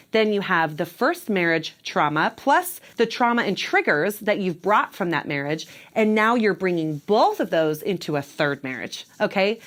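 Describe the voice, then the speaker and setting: A woman's voice: medium pitch, fairly bright tone. A woman who works as a divorce coach, giving emphatic advice straight to camera and checking in with "okay?" and "right?". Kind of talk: direct-to-camera advice talk.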